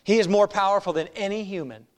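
Brief: male pastor, high voice, emphatic sermon delivery, loud and hushed by turns. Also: quick pace, big-room sound. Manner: emphatic preaching, swinging between loud and hushed.

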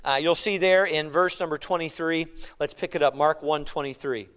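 A male pastor preaching a sermon in a joking, conversational way, swinging from hushed asides to loud emphasis. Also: a little high, normal speed, smooth.

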